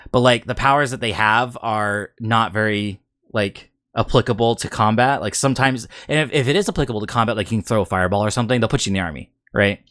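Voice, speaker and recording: A man co-hosting a casual gaming podcast, telling a long story in a rambling, animated way. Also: on the low side, no echo, studio quality. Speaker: podcast co-host.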